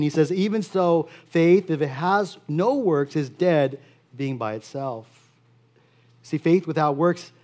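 A man preaching a sermon as pastor, earnest and steady, repeating key phrases for emphasis. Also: fairly high pitch.

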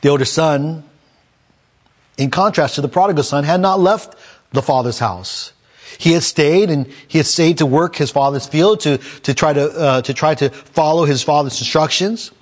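A man's voice: fairly high pitch, normal speed. A man preaching a sermon, reading a scripture passage and then explaining it verse by verse, sometimes raising his voice to act out the characters. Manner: acts out the complaining son in a raised voice.

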